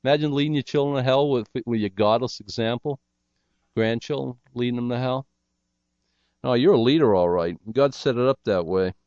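A man's voice: mid-range voice, normal speed, a little mellow, no echo, muffled recording. An older man preaching a sermon in a folksy, earnest way with self-deprecating humor.

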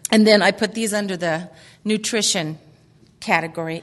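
A woman's voice: medium pitch, moderate pace, fairly bright tone. A middle-aged woman giving a casual faith talk to a group, chatty and laughing often as she reads quotes aloud. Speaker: women's ministry speaker.

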